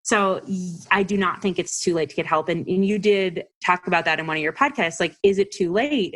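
A woman in her forties speaks as a podcast guest in a fairly low voice. She explains in an earnest, steady way, laying out one point after another. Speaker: guest practitioner. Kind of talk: podcast interview answers.

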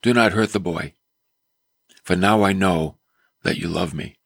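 A man's voice: deep voice, unhurried, vocal fry, a bit bright, no room sound, pitched below the performer's own voice, full character voice. A male preacher voicing God in a retelling, firm and reassuring.

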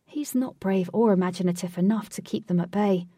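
Earnest, lecturing male guide in a storybook reading, mellow and husky, read by a woman. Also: medium pitch, a little fast, no room sound, clean studio sound, far from the mic, close to an everyday voice. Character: serious male guide spirit Wraith.

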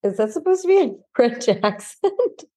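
A woman's voice: on the high side, sing-song, moderate pace, mellow. A woman co-hosting a casual movie review podcast, teasing her partner playfully. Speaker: podcast co-host.

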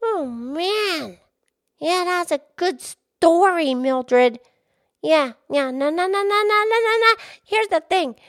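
A woman's voice: very high-pitched, animated, slow, no room sound, clean studio sound. A woman co-host chatting casually in an emphatic, chatty way. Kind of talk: casual chat.

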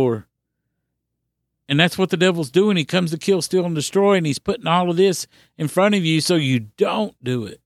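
Male podcast preacher, gravelly and slightly high, earnest and insistent, dry close mic. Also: normal speed, dry recording. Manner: earnest, repetitive exhortation with restarts. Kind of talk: sermon.

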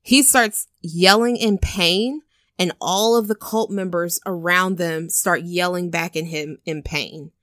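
Woman, casual chat host, lively retelling, dry sound. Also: on the low side, takes it slowly, dry recording. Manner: animated storytelling with swearing and acted-out quotes. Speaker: podcast co-host retelling a film.

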